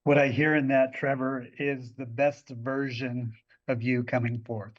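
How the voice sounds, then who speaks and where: A man's voice: medium pitch, level tone, measured pace. A man on a podcast speaking in an affirming, pastoral way. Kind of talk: podcast conversation. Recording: dull, distant audio.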